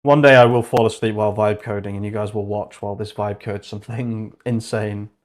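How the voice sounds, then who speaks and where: Lowish-voiced young man streaming his coding. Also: a little fast. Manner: chatty, swears freely, thinks aloud; reads code notes aloud in a flat murmur. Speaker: livestreamer. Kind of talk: casual livestream chat while coding.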